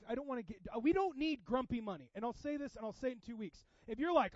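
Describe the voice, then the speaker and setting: A man preaching a sermon in a casual, animated way, with sudden loud bursts. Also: high voice, fast, dry recording, dull audio. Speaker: pastor.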